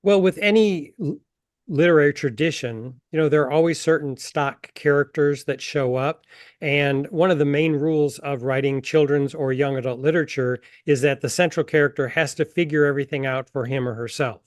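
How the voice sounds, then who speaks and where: A man's voice: a little high, moderate pace, dry recording, studio quality. A man being interviewed as an author, talking in a thoughtful, explanatory way. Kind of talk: interview conversation.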